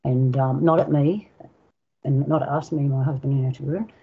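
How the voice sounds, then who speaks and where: A woman's voice: very deep voice, fairly even intonation, fairly quick, breathy edge. An older Australian woman with an Australian accent, a guest telling personal stories vividly, acting out sounds and quoting voices. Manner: vivid storyteller, acts out sounds and quotes. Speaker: guest elder. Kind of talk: personal storytelling. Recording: dull lo-fi recording.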